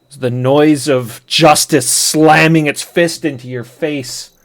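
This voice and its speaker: A man's voice: a little high, steady tone, slow. A man streaming a role-playing game, commenting in a crude, joking, wry way. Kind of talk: casual gameplay commentary.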